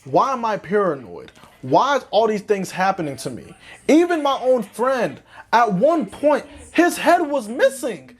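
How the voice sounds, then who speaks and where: A young man telling a comic story in an animated way, swinging between loud panic and low mutters. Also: measured pace, breathy edge. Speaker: comedic storyteller. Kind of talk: comedic skit narration.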